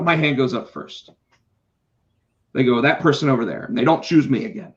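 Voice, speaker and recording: Animated storytelling man, lo-fi sound. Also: mid-range voice, moderate pace, a little hiss or hum. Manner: animated, swears, acts out quotes. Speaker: podcast co-host, comic book artist. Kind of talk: casual storytelling chat. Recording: slightly dull lo-fi sound.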